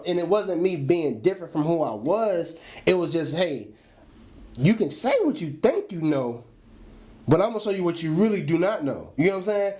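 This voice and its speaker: Slangy man, casual chat voice. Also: on the high side. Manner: slangy, relaxed storyteller who repeats phrases. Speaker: podcast co-host.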